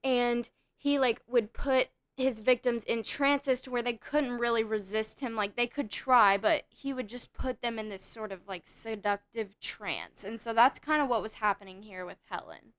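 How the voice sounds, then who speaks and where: Brief: woman co-host, high bright voice, plain explainer in a movie chat. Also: steady tone, moderate pace, few pauses. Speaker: podcast co-host. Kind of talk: casual movie-review chat.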